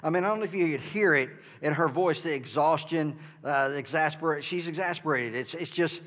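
A man's voice: a little high, a little fast, a bit bright. A male pastor preaching a sermon in an earnest way, often asking "right?" and stumbling over the starts of his sentences. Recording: long reverb from a hall.

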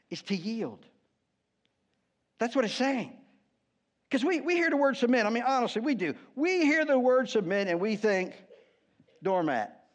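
High-voiced pastor preaching conversationally. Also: male voice. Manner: conversational, asks the congregation "right?" often, wry humor. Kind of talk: sermon.

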